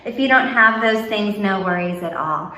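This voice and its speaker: A woman guiding a playful yoga class for young children, giving gentle, sing-song instructions. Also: medium pitch, normal speed. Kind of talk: guided kids' yoga class. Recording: roomy echo with music behind. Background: background music.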